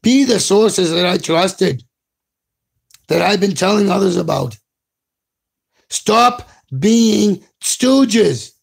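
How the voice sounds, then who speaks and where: A man's voice: sits high, a little slow, gravelly, pauses often, husky. A man delivering an impassioned, profane video rant as a commentator. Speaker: political commentator.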